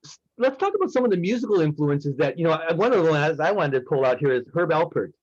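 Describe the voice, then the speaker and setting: A man's voice: fairly high pitch, very animated, fast. A man interviewing a songwriter, chatty and enthusiastic, with many fillers. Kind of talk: casual interview talk. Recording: dry, dull lo-fi sound.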